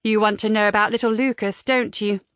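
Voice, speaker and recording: A woman voicing a hospitable London woman in her seventies, with a London accent and a warm, chatty manner. The recording is dry and slightly dull. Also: mid-range voice, fairly even intonation, a little fast, smooth, dry recording, lightly acted. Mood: welcoming. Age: 70s.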